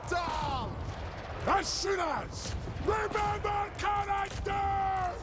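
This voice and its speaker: Gravelly dwarf captain barking game orders, high and loud noise. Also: male voice, very slow, full character voice. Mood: battle-ready. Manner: shouted battle commands. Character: gruff male dwarf warriors barking battle orders. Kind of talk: video game unit voice lines.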